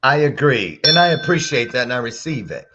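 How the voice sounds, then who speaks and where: Male talk show host, playful preacher-ish banter, animated pitch, muffled lo-fi call audio. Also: a little fast, heavy background noise. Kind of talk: casual interview chat. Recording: dull lo-fi sound.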